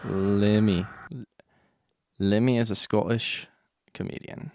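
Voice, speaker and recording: A man's voice: on the low side, level tone, slow, a little mellow, slight background noise. A man chatting casually with viewers on a live stream, rambling and self-deprecating. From United States.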